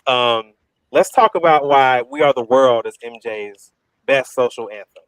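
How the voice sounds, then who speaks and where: A man moderating a casual online debate in an easygoing, halting way, posing questions over a video call. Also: medium pitch, clear, resonant tone, no room sound, rough recording.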